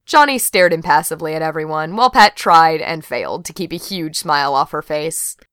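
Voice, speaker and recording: A woman reading an audiobook aloud in an expressive, even-paced way, in a dry studio. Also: low-pitched, fairly quick, clean tone, dry recording. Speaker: audiobook narrator. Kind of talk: audiobook narration.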